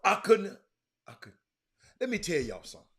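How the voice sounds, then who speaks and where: Sports talk host, bright high voice, swings from loud banter to mutters. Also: male voice, normal speed. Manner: animated, reads viewer comments aloud, drops to a mutter. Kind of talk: casual live-stream sports chat.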